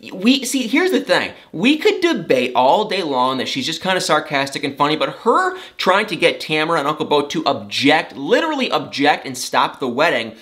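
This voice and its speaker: A man with a bright, lively voice that swings all over the place. He rants sarcastically, in a casual, exclaiming gossip-vlog style. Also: a little high, moderate pace, few pauses. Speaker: celebrity gossip vlogger. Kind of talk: casual reality TV commentary.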